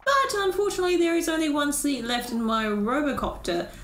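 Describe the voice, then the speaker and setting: A woman's voice: high-pitched, very animated, fairly quick, fairly bright tone, roomy sound, pitched above the performer's own voice. A woman voicing a grandiose, smug robot company boss who makes showy speeches, with an Australian accent.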